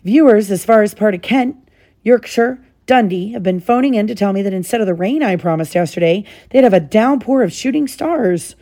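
A woman's voice: mid-range voice, lively intonation, a little fast, mellow. A woman reading aloud, voicing a cheerful male TV weatherman who jokes with viewers. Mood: jokey. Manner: chatty, jokey.

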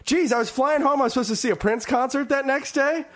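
A man's voice: very high voice, fast talker, a bit bright, pitched above the performer's own voice. A man playing a bewildered man back after five missing years, rambling and rattled.

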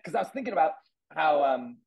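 A young man hosting a podcast. He is excitable and swears a lot, and his speech is full of fillers. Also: fairly high pitch, quick pace, gravelly, rough recording. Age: young adult. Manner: excitable and profane, hedges with fillers. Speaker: podcast host. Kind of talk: casual podcast conversation.

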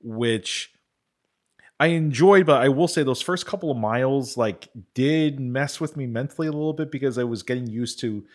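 A podcast co-host with a mid-range voice tells a rambling story at normal speed in casual, chatty conversation. He leans heavily on "you know" as a filler.

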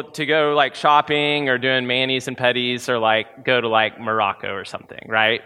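A man's voice: on the high side, normal speed, pushed and bright. Casual young man preaching in a hall. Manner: casual, conversational preaching with slang and fillers. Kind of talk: sermon.

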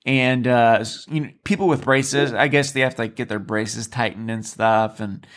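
On a podcast, a former resident shares stories in an earnest, casual way, with frequent restarts and repetition. His medium-pitched voice is steady and fairly bright, at a moderate pace.

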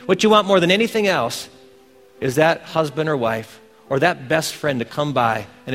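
A man's voice: fairly high pitch, normal speed, fairly bright tone, long reverb tail, soft background music. A man preaching a sermon as pastor, earnest, pressing his points with emphatic questions.

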